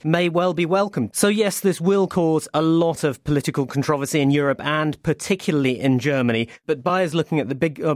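A man, a business reporter, explaining a story in a relaxed interview with some fillers. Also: on the high side, no echo, clean studio sound. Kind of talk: news interview.

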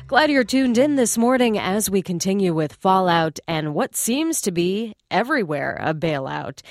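Woman news host, lowish voice, dry studio sound, brisk conversational read. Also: dry recording. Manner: brisk, conversational delivery with wry asides. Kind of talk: radio news reading. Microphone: studio microphone.

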